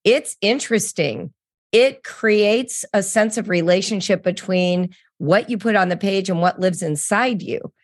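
A woman's voice: medium pitch, no room sound, clean studio sound. A middle-aged woman hosting a conversation about writing, enthusiastic and full of stories. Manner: enthusiastic, storytelling, quick asides. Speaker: podcast host, writing educator. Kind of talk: conversational interview.

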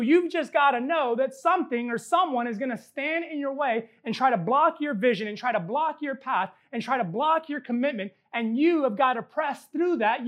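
Woman pastor, high voice, emphatic sermon delivery built on repetition, quick humorous asides. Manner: emphatic preaching with repeated phrases and joking asides.

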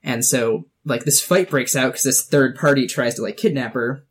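A man's voice: medium pitch, moderate pace, slightly rough. A man in casual chat, retelling a tabletop game session with many fillers. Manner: lots of filler likes, storytelling. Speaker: tabletop role-playing player.

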